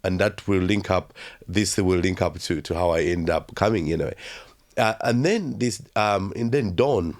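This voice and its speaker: A man from Uganda telling his life story as an interview guest, speaking haltingly with many fillers and restarts. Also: deep voice.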